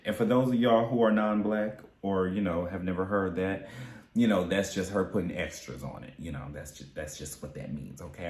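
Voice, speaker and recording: A man's voice: low-pitched, normal speed, roomy sound. A man giving casual, sassy recap commentary on a reality show, chatty and candid with frequent asides.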